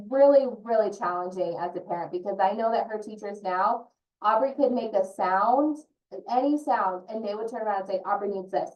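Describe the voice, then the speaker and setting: A woman's voice: medium pitch, darkish tone. A woman who works as an early childhood consultant, speaking earnestly and personally as a parent in an online training session. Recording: roomy echo from a distant mic.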